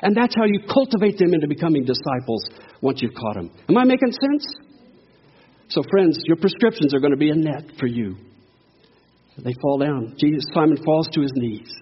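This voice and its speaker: A man preaching to a congregation, with a high voice and a breathy edge. He talks in a folksy style and keeps asking the crowd for agreement. The sound is dull and lo-fi, with a long echo from the church hall. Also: expressive, a little fast. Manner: folksy, call-and-response preaching. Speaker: guest preacher. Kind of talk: sermon. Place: church sanctuary.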